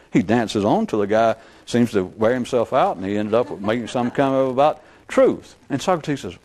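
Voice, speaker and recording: An animated, rambling male lecturer. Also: medium pitch, moderate pace, hardly any pauses. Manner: animated, rambling, acts out quoted voices. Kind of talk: unscripted philosophical lecture.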